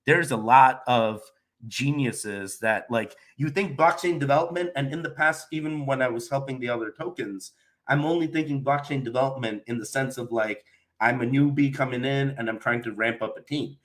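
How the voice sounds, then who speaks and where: A man's voice: medium pitch, moderate pace. A young man who is sick and a bit nasal, with a slight cough, hosting a casual crypto livestream and chatting loosely with viewers. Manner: loopy, relaxed, rambling with restarts. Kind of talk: casual livestream chat reading comments.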